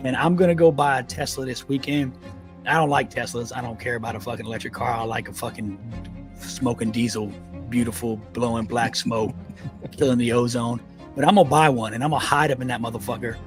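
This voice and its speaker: A man's voice: medium pitch, fairly even intonation, fairly quick, faint music behind. A man co-hosting a comedic veterans podcast, ranting bluntly with a lot of swearing. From United States. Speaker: podcast co-host. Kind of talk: profane comedic rant.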